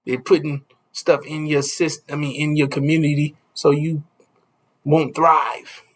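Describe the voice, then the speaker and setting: A man's voice: fairly high pitch, little pitch movement, unhurried. A man preaching a casual street sermon, stopping often to ask "you see?" and chuckling between points.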